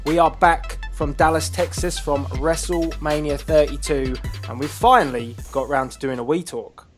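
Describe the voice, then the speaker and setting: A man's voice: a little high, normal speed, soft background music. Upbeat man hosting. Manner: upbeat, laughing often. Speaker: host. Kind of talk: casual podcast chat.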